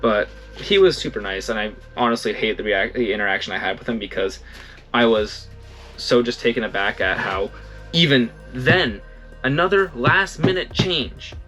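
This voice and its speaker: A man's voice: lowish voice, normal speed, soft background music. A young man in casual storytelling, rambling and correcting himself, acting out what others said. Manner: rambling, self-correcting, animated quoting. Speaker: vlogger.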